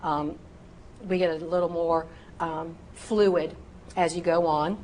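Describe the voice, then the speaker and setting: A woman teaching medical terminology in a recorded lecture, sounding out each term slowly and precisely. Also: lowish voice, little pitch movement, darkish tone, slight background noise. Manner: slow, precise enunciation of terms.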